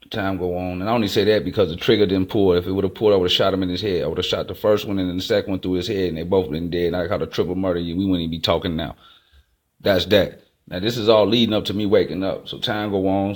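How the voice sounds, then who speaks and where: A man telling a raw, profane life story in a casual monologue. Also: sits low. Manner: raw, profane street talk. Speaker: host.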